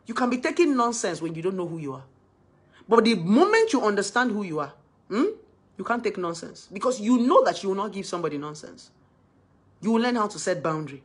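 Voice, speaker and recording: A woman speaking in a casual monologue about relationships, her voice husky and a little breathy. She talks emphatically, jumping from loud exclamations to soft, low asides. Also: big pitch swings, a little fast. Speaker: relationship advice vlogger.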